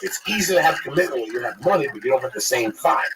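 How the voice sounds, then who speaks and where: A man's voice: mid-range voice, animated, quick pace, distant mic, crowd noise. A man in casual profane chat, telling blunt stories with acted quotes about hustling. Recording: noisy recording.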